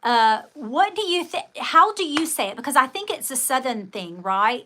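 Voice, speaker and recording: A woman's voice: sits high, lively intonation, normal speed, few pauses, sharp tone, a little hiss or hum. A woman hosting a casual livestream, chatting with viewers and thanking them, often calling them darling. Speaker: livestream host.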